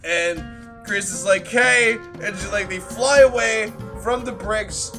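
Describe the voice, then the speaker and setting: A man with a high voice tells a tabletop game recap as its game master. His telling is loose and rambling, with lots of filler and swearing. Now and then he breaks into sudden loud bursts. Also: fairly even intonation, slow, soft background music. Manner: rambling and profane, full of "like" fillers. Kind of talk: casual session recap storytelling.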